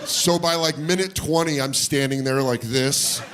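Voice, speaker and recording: A man's voice: fairly high pitch, unhurried, a crowd in the background. A man performing stand-up comedy on stage, telling stories and acting out the voices of people in them. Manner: animated, acts out voices of people in his stories. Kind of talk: stand-up storytelling. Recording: live club set with audience noise behind.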